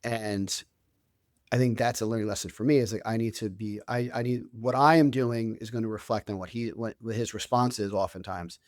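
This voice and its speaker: With a fairly low, darkish voice and fairly even intonation, a man in his thirties speaks briskly as an interview-show guest. An author and youth coach, he tells stories conversationally with many restarts and fillers, in clean studio sound without echo.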